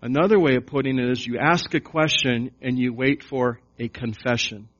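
A man preaching a sermon to his congregation, slow and emphatic, with repeated questions. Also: mid-range voice, a bit bright. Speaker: pastor. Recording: dull lo-fi sound.

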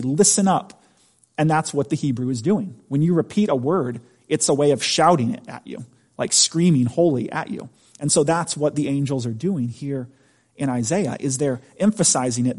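Husky-voiced man preaching a casual sermon. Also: mid-range voice, darkish tone. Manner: conversational, emphatic preaching with rhetorical questions. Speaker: pastor.

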